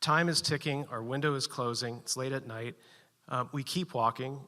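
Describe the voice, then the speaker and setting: A man telling a personal story live at a story slam, animated and building suspense with short, punchy sentences. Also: medium pitch, moderate pace, long reverb tail.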